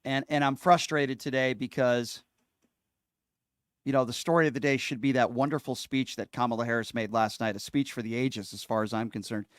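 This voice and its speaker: A man's voice: mid-range voice, fairly even intonation, brisk, clean tone, dry recording, clean studio sound. A man hosting a talk radio call-in show, talking in a heated, outspoken way and leaning hard on his words. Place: radio studio.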